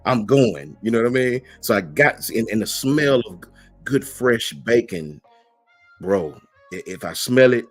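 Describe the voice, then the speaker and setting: A man's voice: mid-range voice, animated, measured pace, faint music behind. A middle-aged man hosting a live stream, chatting casually and slangily as he answers viewers' messages. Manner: laid-back, slangy, reads out and answers chat messages. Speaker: host.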